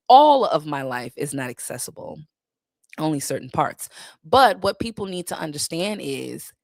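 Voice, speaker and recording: A woman's voice: deep voice, no room sound, studio quality. A woman in her thirties hosting a casual livestream Q&A, candid and blunt. She swears freely and laughs often. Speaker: livestream host.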